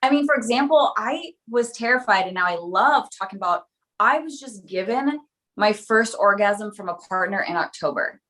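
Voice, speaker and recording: A woman in her late thirties, a podcast guest telling personal stories in a frank, animated way and laughing often. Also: mid-range voice, normal speed. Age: late 30s. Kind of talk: candid conversational storytelling.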